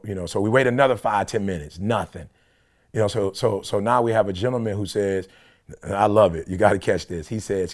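A man with a lowish voice tells a story on a podcast call, lively and quick to act out what others said. His voice sits below the usual for men, and the talk stays loose and conversational. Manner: animated, quoting people in dialogue. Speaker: podcast co-host. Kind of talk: casual storytelling. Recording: conference call.

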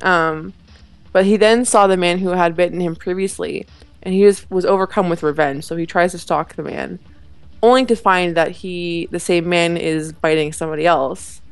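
A woman's voice: lowish voice, fairly even intonation, normal speed, smooth, dry recording. A young woman co-hosting a podcast, casually recapping a TV episode with a giggly, rambling manner full of fillers. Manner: chatty, giggly, lots of fillers and likes. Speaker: podcast co-host.

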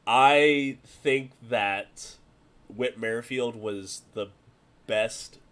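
A man with a fairly low voice speaks as a guest on a sports podcast. He thinks aloud as he goes, with many fillers and restarts. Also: a bit bright. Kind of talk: casual sports podcast chat.

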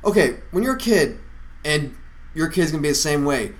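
A young man co-hosting a podcast, chatting casually and telling animated stories, shouting when he quotes people. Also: a little high, moderate pace. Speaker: podcast co-host. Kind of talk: casual chat.

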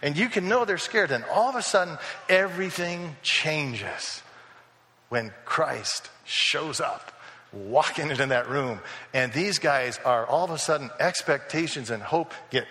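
Bright-voiced preacher in a reverberant hall. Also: male voice, a little high, measured pace. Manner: conversational storytelling, acting out quoted voices. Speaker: pastor. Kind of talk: sermon.

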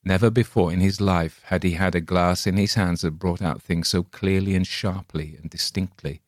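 A man reading a classic tale aloud as scripted narration, measured and expressive. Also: low-pitched, dry recording, clean studio sound. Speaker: audiobook reader.

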